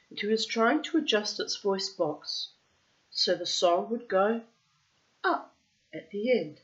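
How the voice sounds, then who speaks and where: A woman telling a story aloud, with chatty, self-mocking personal asides. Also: mid-range voice. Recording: dull lo-fi recording.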